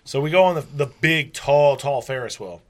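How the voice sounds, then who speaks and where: A man's voice: mid-range voice, normal speed. A man co-hosting a podcast, telling a crude story in casual chat and laughing as he goes. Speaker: podcast co-host.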